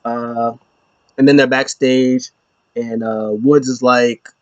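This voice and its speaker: A man's voice: mid-range voice, flat delivery, takes it slowly, no echo. Rambling man recapping wrestling, dry lo-fi audio. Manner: rambling, loose, many fillers. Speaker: show host. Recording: slightly dull lo-fi, dry.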